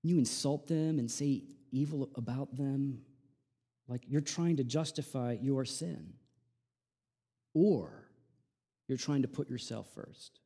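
A man preaching a sermon in a conversational way, full of rhetorical asides, dropping to hushed lines and rising to loud emphatic peaks. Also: mid-range voice, slow pace, pauses often, husky. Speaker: pastor.

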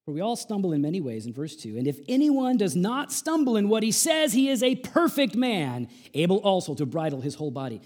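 Conversational male preacher, quiet to emphatic. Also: high-pitched, sing-song, brisk, hardly any pauses. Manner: conversational preaching with many asides and rhetorical "right?"; swings from hushed asides to loud emphatic peaks. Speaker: pastor. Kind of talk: sermon.

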